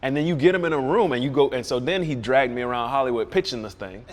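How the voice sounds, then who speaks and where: Man, series creator as guest, storytelling, halting restarts, mid pitch, reverberant room. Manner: animated storyteller who acts out quoted voices; halting restarts, repeats words. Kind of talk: casual chat, telling a story.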